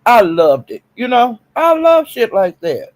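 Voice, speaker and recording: A man talking casually and sassily on a live stream, swinging into high exclamations. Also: huge pitch swings, measured pace.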